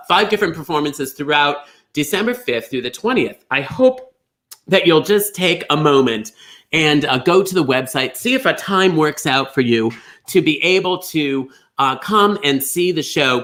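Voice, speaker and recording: A fussy, gushing middle-aged lady entertainer, played by a man, hosts a livestream and chats on and on. Her voice sits a little high and rings bright and forward. She drifts from thought to thought and greets each viewer by name. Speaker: livestream bingo host. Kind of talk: chatty livestream hosting in character.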